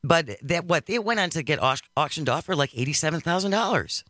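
A man's voice: fairly high pitch, animated, brisk, sharp tone, no echo, clean studio sound. A man hosting a radio talk show, chatting casually and friendly, with restarts along the way. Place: radio studio. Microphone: studio microphone.

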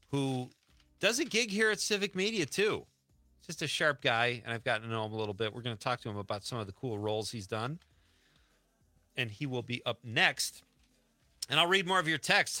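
A man's voice: mid-range voice, bright, forceful tone, dry recording. A man hosting a radio show in a studio, chatting loosely with plenty of fillers. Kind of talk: casual radio talk. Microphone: studio mic.

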